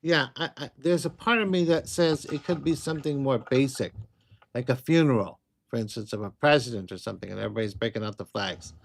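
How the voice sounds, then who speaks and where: A man's voice: medium pitch, brisk, creaky. A man hosting a casual livestream, answering viewer questions in a chatty, rambling way. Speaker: psychic livestream host.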